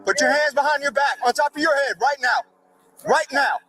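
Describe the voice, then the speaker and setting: A male police officer shouting commands. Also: very high voice, fairly quick, faint music behind. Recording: noisy, distant bodycam audio.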